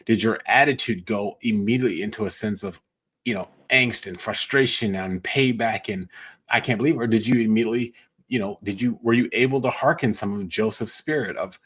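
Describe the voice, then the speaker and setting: A man hosting a casual conversation with his mother, talking haltingly with many fillers. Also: lowish voice, a bit bright, breathy edge. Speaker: host, coach. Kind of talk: casual interview chat.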